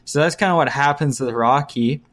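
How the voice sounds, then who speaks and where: A man's voice: mid-range voice, moderate pace, a bit bright. Blunt, ranting man in casual chat. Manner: ranting, blunt, mimics voices mid-story. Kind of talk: casual chat reviewing movies.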